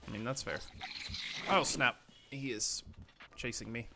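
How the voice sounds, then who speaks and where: A man's voice: medium pitch, a little slow, over music. Chatty young man streaming a game. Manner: chatty, reacting aloud to the game, easily excited. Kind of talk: casual gameplay commentary. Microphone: headphones and desk mic.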